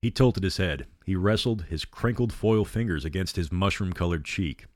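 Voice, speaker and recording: A man reading a horror novel aloud as a storyteller, with steady, measured narration. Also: deep voice, no room sound, studio quality.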